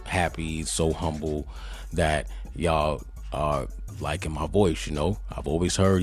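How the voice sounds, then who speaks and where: Male podcast host, extremely low and deep, relaxed conversational delivery, light music bed. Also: takes it slowly. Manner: laid-back, conversational, frequent "you feel me" asides. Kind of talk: casual solo podcast monologue.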